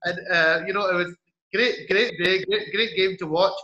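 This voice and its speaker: A man's voice: sits high, fairly even intonation, a little fast, pushed and bright, roomy sound, muffled recording. A man hosting a casual interview, chatty and friendly, recounting memories and reading out statistics. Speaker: host.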